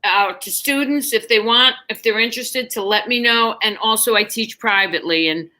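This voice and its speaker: A woman's voice: a little high, normal speed, pushed and bright. A woman comedian chatting as a guest on a livestream, telling jokes with a brash, punchy delivery. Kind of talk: casual chat with a stand-up bit.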